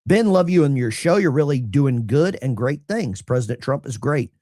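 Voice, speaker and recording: A middle-aged veteran hosts a casual livestream, reading viewer letters in a blunt, salty voice that mocks himself. His pitch jumps up and down a lot. The sound is dry, with no room echo. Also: expressive, moderate pace, dark tone. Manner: salty, blunt, self-mocking. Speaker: veteran channel host reading viewer mail.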